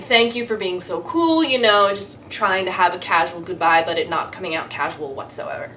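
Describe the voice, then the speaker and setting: A young woman telling a casual storytime, excitable and animated, with lots of fillers. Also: medium pitch, distant mic, slight background noise.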